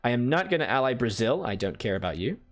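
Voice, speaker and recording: A man speaks fast in a medium-pitched, sing-song voice over soft background music while playing a strategy game on stream. His casual commentary explains his moves, answers viewer chat, and includes playful asides.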